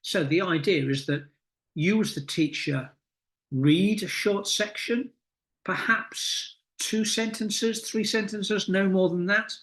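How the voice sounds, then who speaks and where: A middle-aged man coaching teachers in a recorded lesson, explaining reading techniques in a deliberate, instructive way with many pauses. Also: high voice, a bit bright. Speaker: teacher trainer.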